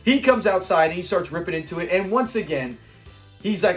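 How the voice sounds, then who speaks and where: High-voiced man recapping an episode. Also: a little fast, soft background music. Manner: animated retelling, acting out quoted lines with laughs. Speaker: show recap host. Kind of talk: casual episode commentary.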